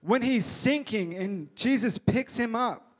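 A man preaching a casual, jokey sermon, retelling a story in a lively way with acted-out voices. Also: very high voice, slow pace.

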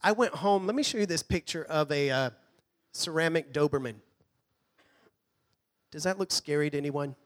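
Earnest preaching man, fairly high voice. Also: moderate pace, pauses often. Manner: earnest preaching, drops to a hush on quoted lines. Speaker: pastor. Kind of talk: sermon. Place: church hall.

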